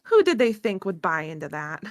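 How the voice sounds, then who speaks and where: A woman's voice: lowish voice, big pitch swings, normal speed, dry recording. A woman voicing a sultry, bold female vampire in a comedic game read, with a flirty, theatrical manner. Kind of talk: voice acting a game script.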